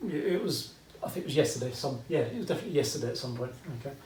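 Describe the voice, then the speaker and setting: Rapid-fire and a little mellow at medium pitch, a British man runs a maths lesson at a classroom whiteboard. He chats, drifts into asides and often asks "okay?", heard distantly in an echoey room.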